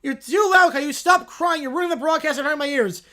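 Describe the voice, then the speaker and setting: A man voicing a snippy little girl who scolds in a sharp-tongued way. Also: very high-pitched, fast talker, voice pushed up. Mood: scolding.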